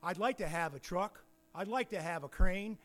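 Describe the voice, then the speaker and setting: A man's voice: high voice, normal speed, a bit bright. A man voicing a self-pitying poor churchgoer who stammers through his complaint. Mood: longing.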